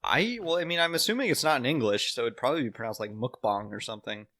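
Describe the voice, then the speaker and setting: Tired, gravelly man on a podcast. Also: medium pitch, sing-song, very fast, sharp tone, no room sound, clean studio sound. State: tired from little sleep. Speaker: podcast co-host. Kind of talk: casual chat. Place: home, talking over an online voice call. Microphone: computer mic on a voice chat app.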